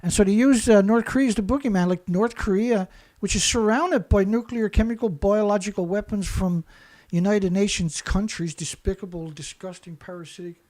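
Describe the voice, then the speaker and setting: Hardly pausing, the man hosting this show speaks at normal speed in a high-pitched, darkish voice. His monologue is an angry string of insults that circles back on itself again and again.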